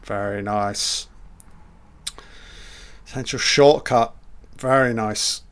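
A man's voice: on the low side, takes it slowly, smooth. A man giving casual film commentary in short, admiring remarks, swearing often.

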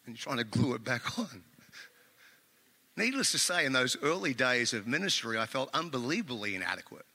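A male pastor delivering a sermon with personal stories, an animated and self-mocking storyteller. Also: medium pitch, brisk, big-room sound. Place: church sanctuary.

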